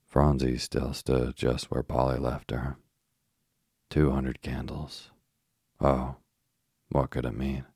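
A man narrating a storybook in a low gravelly voice, measured and unhurried. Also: monotone, warm tone, dry recording, clean studio sound. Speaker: audiobook narrator. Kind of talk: storybook reading.

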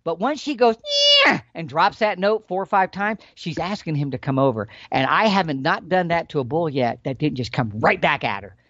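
Guy explaining elk calls like telling a hunting story, really lively voice, kinda muffled dry sound. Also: fairly high pitch, a little fast, few pauses, no echo. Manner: folksy, animated storytelling. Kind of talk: explaining elk calling tactics.

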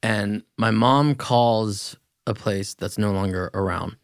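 A man's voice: fairly low pitch, takes it slowly, clean tone, no echo, clean studio sound. A man appearing as a podcast guest, talking bluntly and casually and swearing now and then. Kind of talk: casual conversation.

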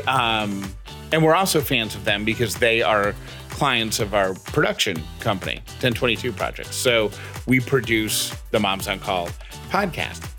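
A man co-hosting a podcast, telling a story casually with an animated, expressive delivery. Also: on the low side. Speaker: podcast co-host.

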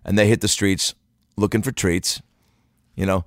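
Low-voiced man telling a profane story. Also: fairly even intonation, normal speed, pauses often, no room sound, clean studio sound. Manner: loose, profane, rambling with fillers. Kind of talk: comedic storytelling monologue.

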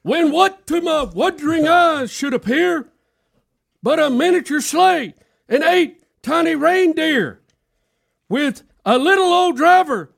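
A man's voice: very high voice, animated, creaky, full character voice. A man doing a cranky old politician. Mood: grumbling. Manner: fast, complaining.

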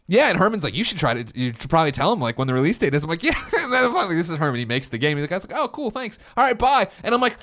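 Fast-talking man telling rambling stories. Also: a little high. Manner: rambling, excitable storytelling with restarts and swearing. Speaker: podcast co-host. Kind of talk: casual podcast chat.

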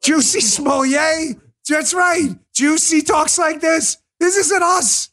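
High-pitched, fiery male talk show host. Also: fairly even intonation, slow, a bit bright, raised voice. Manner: emphatic, combative, mocks opponents in put-on voices. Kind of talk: fiery political commentary.

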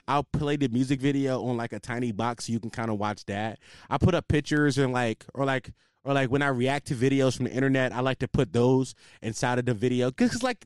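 A man's voice: mid-range voice, no echo, clean studio sound. A young man hosting a podcast at his desk, rambling casually with lots of swearing and self-deprecating asides. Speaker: podcast host. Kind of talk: casual solo podcast chat. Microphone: desk microphone.

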